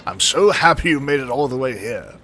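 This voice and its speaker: A man voicing an effusive Italian man warmly greeting his partner. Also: medium pitch, expressive, brisk, slight background noise. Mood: delighted. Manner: gushing, affectionate.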